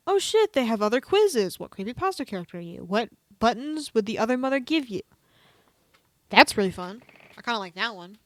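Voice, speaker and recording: A woman streamer reads online personality quizzes aloud in a relaxed, sarcastic way, tossing in offhand swearing. Her voice sits at an ordinary middle pitch. It is captured dry on a close mic with no room sound. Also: dry recording.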